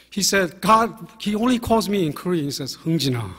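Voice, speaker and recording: A man in his fifties, a pastor telling anecdotes in a relaxed sermon, with fillers and self-deprecating humor. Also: high voice, normal speed, slightly rough. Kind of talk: conversational sermon storytelling. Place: church sanctuary. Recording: long hall reverb from a church.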